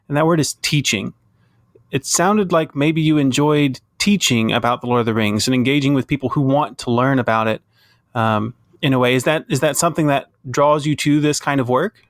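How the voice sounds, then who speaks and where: Measured male podcast host, dry sound. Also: a little high, no room sound. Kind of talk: interview questions.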